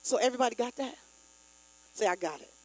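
A woman preaching a sermon, leading the congregation in call-and-response and rising to loud, emphatic declarations. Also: a little high, animated, fast talker, rough recording.

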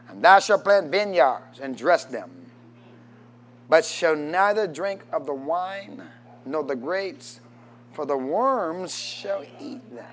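A man preaching a sermon, reading scripture and rising into shouted call-and-response with the congregation. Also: fairly high pitch.

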